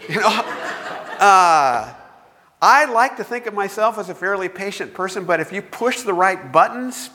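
A man's voice: high-pitched, lively intonation, moderate pace, pushed and bright. A man preaching a sermon, telling stories with self-mocking humor. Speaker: pastor. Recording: long reverb of a large hall.

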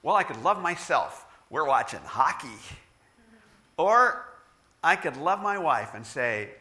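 A man's voice: fairly high pitch, big pitch swings, slow pace, pushed and bright. A middle-aged man preaching a sermon, telling stories with self-deprecating humor. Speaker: pastor.

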